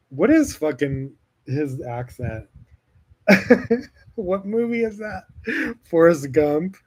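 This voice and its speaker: An American man hosting a podcast, telling a personal story in a rambling, gushing way, swearing often, laughing, and swinging from loud to soft. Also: fairly high pitch, animated, takes it slowly, pauses often. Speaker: podcast host. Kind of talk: casual personal storytelling monologue.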